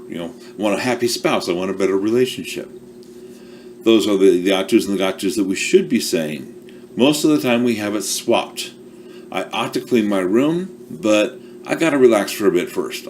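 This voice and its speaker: A man's voice: fairly low pitch, slight background noise. A man coaching small businesses on marketing in a chatty, self-deprecating, casual talk to camera. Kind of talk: casual talking-to-camera advice.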